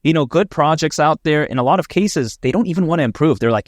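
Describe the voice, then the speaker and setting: Here a man hosts a casual crypto commentary video, sharing his opinions at a quick pace in a fairly high, expressive voice. The clean studio sound has no echo, and he comes across enthusiastic and conversational with many fillers.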